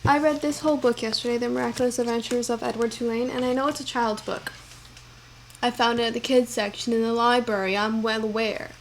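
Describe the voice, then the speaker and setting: A young woman talks casually to her camera at home, her voice sitting a little high. She rambles warmly, with lots of fillers, and her thoughts spill out heartfelt and unpolished. A faint hiss runs under the recording. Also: steady tone, fairly quick. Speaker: vlogger. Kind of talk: casual chat. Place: home kitchen.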